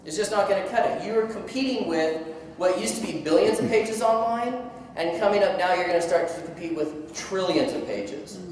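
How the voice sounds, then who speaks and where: Male seminar presenter, lively and joking with the audience, recorded from afar in a reverberant hall. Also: sits high, moderate pace, a little hiss or hum. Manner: energetic, asks the audience questions, jokes. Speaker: seminar speaker. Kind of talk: conference talk to a live audience. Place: large conference hall. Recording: echoey hall, distant mic.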